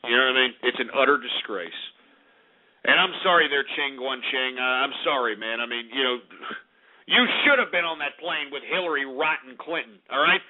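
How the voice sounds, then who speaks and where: A man's voice: medium pitch, animated, moderate pace. A man hosting a call-in radio show, ranting angrily and cursing as he takes calls. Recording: narrow phone-like lo-fi radio.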